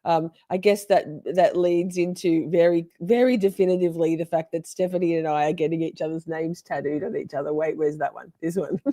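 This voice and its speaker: A woman's voice: on the low side, mellow, dry recording, studio quality. A woman hosting a casual livestream, chatting with playful mock outrage and frequent laughter. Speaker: livestream host.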